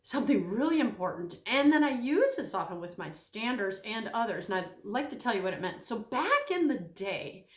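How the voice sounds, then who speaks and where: A woman giving a casual Bible teaching talk, animated, acting out the voices she quotes. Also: fairly high pitch, moderate pace, hardly any pauses, roomy sound.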